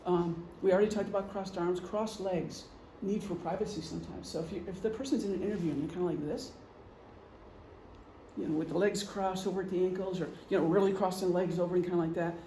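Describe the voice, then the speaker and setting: A man's voice: high-pitched, fairly even intonation, fast, warm tone. A middle-aged man giving an informal presentation to a group, talking conversationally with examples and frequent ums. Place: meeting room. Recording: echoey room, faint hum.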